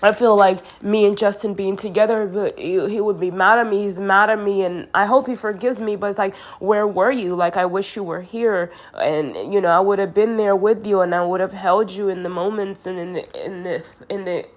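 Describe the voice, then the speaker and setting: A woman's voice: mid-range voice, steady tone, normal speed, hardly any pauses. A woman talking straight to camera in an earnest, rambling monologue, sounding congested and often restarting her sentences. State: congested from sinus trouble.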